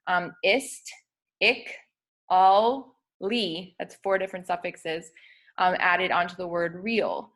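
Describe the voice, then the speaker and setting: A woman's voice: on the low side, fairly bright tone. Patient woman explaining spelling rules. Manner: patient, with frequent ums and self-corrections. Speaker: teacher.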